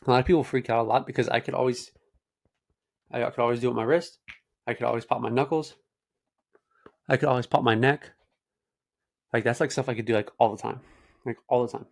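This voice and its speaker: A man's voice: mid-range voice, creaky. Young man telling rambling casual stories. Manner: rambling, slangy, says "dude" and "like" often. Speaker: host. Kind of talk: casual storytelling to camera.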